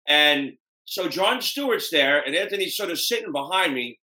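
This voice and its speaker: A man hosting a podcast, telling stories in a rambling, animated way. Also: a little high, normal speed. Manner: rambling, animated storyteller doing voices. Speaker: podcast host. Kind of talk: casual podcast interview. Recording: echoey room with faint noise.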